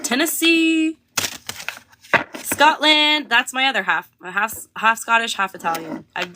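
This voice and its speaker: A woman's voice: lowish voice, noisy background. A young woman chatting casually on a livestream while reading tarot cards, rambling with lots of fillers. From Canada. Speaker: tarot reader.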